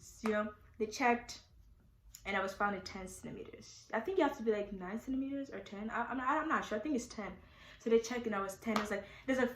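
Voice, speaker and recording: A woman's voice: on the high side, fast, a little hiss or hum. Chatty teen girl in an echoey room. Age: teens. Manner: chatty, animated, with many fillers. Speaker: vlogger. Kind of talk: casual storytime.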